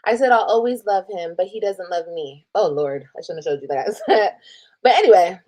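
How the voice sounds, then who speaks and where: Her medium-pitched, sing-song voice has a dark tone and moves at normal speed. The Texas woman is on a casual livestream, scrolling through old texts, reading them aloud, reacting and swearing freely as she retells a personal drama.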